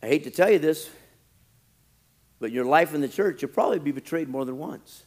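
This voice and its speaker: A male pastor preaching a sermon, animated, often acting out quoted churchgoers. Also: a little high, a little fast.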